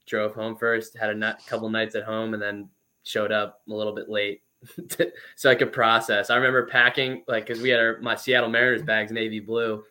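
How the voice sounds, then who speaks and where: A man in his twenties, a former pro baseball player, telling stories as a guest in a casual interview, chatty and lively with lots of fillers. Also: fairly low pitch, a little fast.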